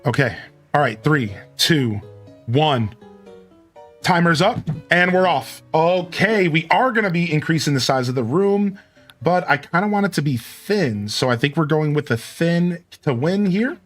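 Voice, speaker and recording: A man's voice: a little high, lively intonation, unhurried, a bit bright, faint music behind. A man streaming a cozy building game, chatty and upbeat as he thinks aloud about his choices. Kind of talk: let's play commentary.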